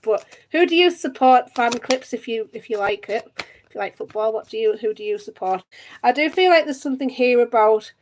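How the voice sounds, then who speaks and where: A woman's voice: fairly high pitch, expressive, fairly quick. A woman in her thirties from Northeast England with a Northeast English accent, reading tarot on a live stream and chatting to viewers with lots of giggles. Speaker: tarot reader.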